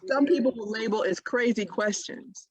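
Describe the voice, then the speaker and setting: A woman co-hosting a podcast in casual chat, animated and acting out quotes. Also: a little high, moderate pace, slightly rough, no echo. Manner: animated, exclaims "bam", acts out quotes. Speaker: podcast co-host.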